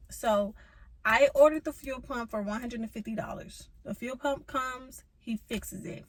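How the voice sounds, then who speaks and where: A woman's voice: a little high, moderate pace, dry recording, low-quality recording. A young woman telling a car-trouble story in a vlog, venting with profanity and emphatic rhetorical asides. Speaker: vlogger.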